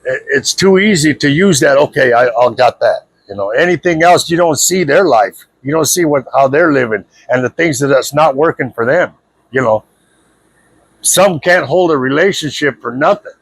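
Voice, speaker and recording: A man's voice: on the high side, lively intonation, normal speed, breathy edge, dry recording. A man giving a blunt, confrontational spiritual monologue to his viewers, repeating himself and leaning on "you know". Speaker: spiritual video speaker. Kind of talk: preachy spiritual monologue to camera.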